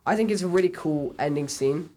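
A man's voice: on the high side, brisk, a little mellow. Enthusiastic young-sounding man chatting films. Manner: enthusiastic, rambling with many fillers. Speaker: podcast co-host. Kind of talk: casual film review chat.

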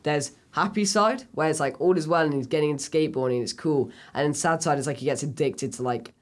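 A man's voice: fairly high pitch, quick pace. Guy gushing about a movie on a podcast, lots of likes and ums. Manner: enthusiastic, rambling with many fillers. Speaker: podcast co-host. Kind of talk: casual film review chat.

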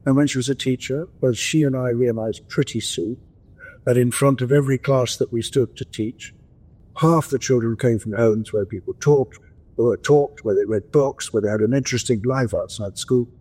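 An older man speaks at a moderate, even pitch, telling stories from his past. His delivery is gentle and anecdotal, with small restarts as he gathers his thoughts. He is talking from his home in the countryside over a video call. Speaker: interview guest. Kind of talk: reflective storytelling.

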